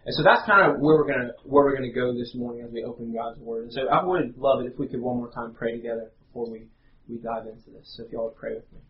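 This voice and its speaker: A man, preaching a sermon in an earnest, halting way with many fillers. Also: medium pitch. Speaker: pastor. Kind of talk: sermon with prayer and storytelling. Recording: roomy, slightly dull live recording.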